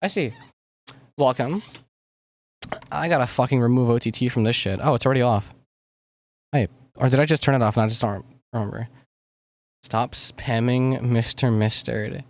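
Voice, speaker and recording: A young music producer streams himself making music, talking casually at a moderate pace in a medium-pitched, slightly mellow voice. He pauses often, rambles, swears under his breath, and trails off mumbling between thoughts while clicking away at his desk mic.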